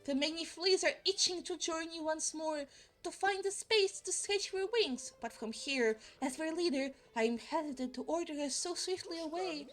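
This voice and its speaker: A woman's voice: very high voice, a bit bright. Woman voicing a stately flea caravan leader. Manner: theatrical, slow and stately reading. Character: grand, formal male flea caravan leader.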